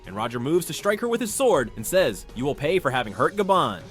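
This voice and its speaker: Man, manga commentator, chapter recap, animated pitch, opinionated, dismissive of fan theories.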